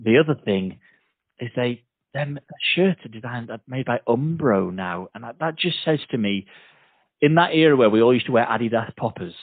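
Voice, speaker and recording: A man's voice: medium pitch, animated, normal speed, dry recording. Chatty man on a tinny dry line. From England. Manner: chatty, jokey, does playful accent impressions. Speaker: podcast host. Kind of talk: casual chat. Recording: tinny phone-like dry sound.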